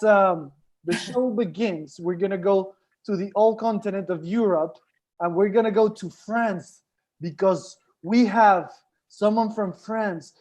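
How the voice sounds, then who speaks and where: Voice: mid-range voice, darkish tone. A host emceeing an online comedy show over a video call, upbeat and coaxing the audience.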